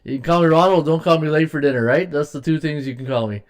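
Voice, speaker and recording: A middle-aged man with a fairly high voice talks fast while hosting a live sports betting podcast. In this casual stream chat he rambles with lots of fillers and reads viewer comments out loud.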